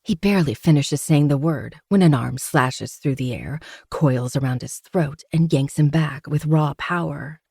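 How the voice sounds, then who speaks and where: Woman narrator for a first-person romance novel, low, gravelly, dry close sound. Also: measured pace, hardly any pauses, warm tone, no room sound.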